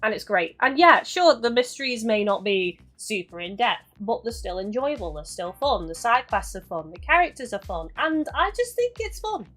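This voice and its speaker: A woman's voice: medium pitch, expressive, normal speed, few pauses, a bit bright, soft background music. A young woman streaming a game, chatting in a bubbly, giggly way to her viewers. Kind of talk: casual live-stream commentary.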